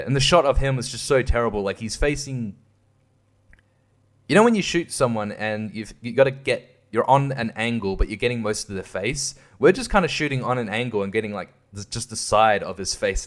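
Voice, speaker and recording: A young man hosting a casual monologue, rambling and swearing, often laughing at himself. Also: medium pitch. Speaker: host.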